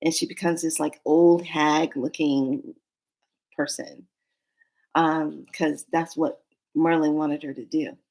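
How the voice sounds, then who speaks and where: A woman telling a dream story in a casual, unhurried monologue, acting out the voices she quotes. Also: low-pitched, fairly even intonation, creaky, a little mellow. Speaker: spiritual storyteller.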